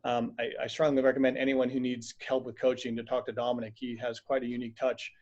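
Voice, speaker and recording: A man chatting casually on a video call, telling stories with animated acted-out quotes. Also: mid-range voice, quick pace. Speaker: acupuncturist and host. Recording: dull lo-fi video call audio.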